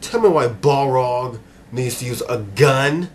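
A man reviewing a movie in a casual, exasperated rant that swings between muttering and shouting. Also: medium pitch, lively intonation, slow pace.

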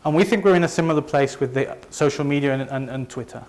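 A man with a Leeds accent talks an audience through his slides in an easygoing, chatty way. He often restarts his sentences and pokes fun at himself. His pitch sits in an ordinary middle range for a man. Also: fast, darkish tone. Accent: Northern English, Leeds. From north of England. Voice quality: conversational, self-deprecating, frequent restarts. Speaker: company presenter. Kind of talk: conference presentation to a live audience.

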